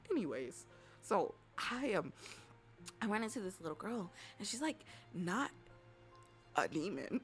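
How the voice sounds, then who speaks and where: A woman streamer at home on a desk mic, telling a story to her chat in a profane, dramatic way, swinging from loud outbursts to hushed whispers. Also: medium pitch, very animated, unhurried, pauses often, faint music behind. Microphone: desk microphone.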